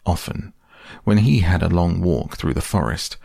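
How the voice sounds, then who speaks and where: Deep husky guy reading a kids story, slow gentle, dry close sound. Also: animated, no room sound. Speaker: narrator.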